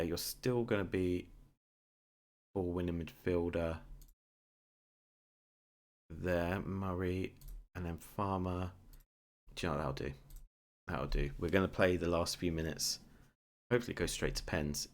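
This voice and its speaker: Male gamer, deep voice, lively commentary over his own play, mutters then erupts. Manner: excitable, swings between muttering and shouting. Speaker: gaming YouTuber. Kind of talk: live game commentary.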